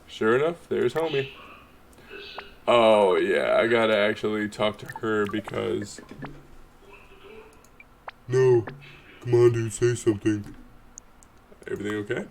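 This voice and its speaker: A gameplay commentator with a lowish, gravelly voice speaks a little slowly, leaving long pauses, while he chats casually in a let's play, joking around and reading the game's lines aloud. There's a little hiss or hum on the recording.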